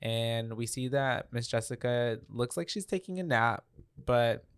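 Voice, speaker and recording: A man with a smooth, resonant voice of middling pitch, co-hosting a casual podcast. He rambles through a horror film recap, full of fillers and restarts. The sound is dry and close. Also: animated, measured pace, dry recording. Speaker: podcast co-host.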